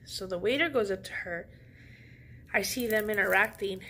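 A woman's voice: medium pitch, moderate pace, a little hiss or hum. A woman vlogger telling a story in a casual way, sassy and full of slang. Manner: sassy, slangy, animated retelling.

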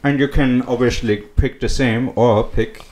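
A man's voice: medium pitch, steady tone, measured pace, a little mellow. A man hosting a casual comedy podcast and running a quiz game, often laughing and stumbling over his words.

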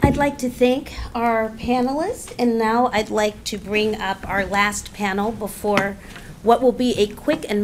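A woman moderating a panel event, announcing the next panel in a slow, formal manner. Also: mid-range voice, a little hiss or hum.

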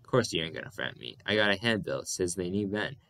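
A man's voice: deep voice, animated, fast, creaky, pushed and bright, exaggerated voice. A man voicing a proud farming father who speaks firmly in rural dialect, read aloud in a story.

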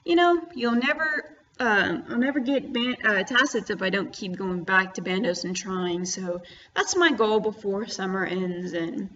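A woman's voice: mid-range voice, lively intonation, measured pace, fairly bright tone. Chatty woman narrating her gameplay. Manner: chatty, with many fillers and restarts. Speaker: gaming vlogger. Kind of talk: casual gameplay commentary. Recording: slightly dull audio with faint noise.

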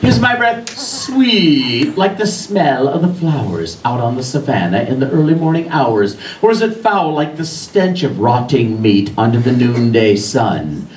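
A man voicing a menacing, hungry male lion king who speaks slowly and gloats with chuckles. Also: medium pitch, sing-song, a little hiss or hum. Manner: slow, drawn-out, gloating with chuckles. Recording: roomy echo, distant mic, faint ambience.

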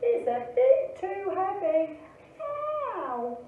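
A woman's voice: very high voice, sing-song, very slow, a little hiss or hum, voice pushed up, heavily acted. Woman voicing Douglas the wistful bear cub. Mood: pleading. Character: young male brown bear cub, wistful. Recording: echoey, phone-like, from a distance.

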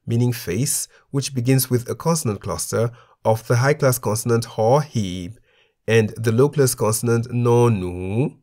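Man, middle voice, scripted lesson narrator, measured and deliberate. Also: mid-range voice. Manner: slow and even, spelling out foreign words deliberately. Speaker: language teacher.

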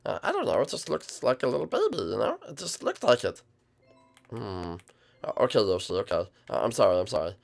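A man's voice: lowish voice, wildly swooping pitch, fairly quick, gravelly, faint music behind, heavily acted. A man voicing a nervous pregnant female dinosaur who hesitates and stammers, in a game role-play. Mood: flustered.

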